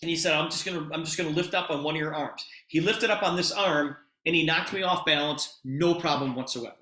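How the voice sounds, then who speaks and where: A middle-aged man giving a storytelling sales pitch as a presenter, animated and acting out conversations in quotes. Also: brisk. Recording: echoey room.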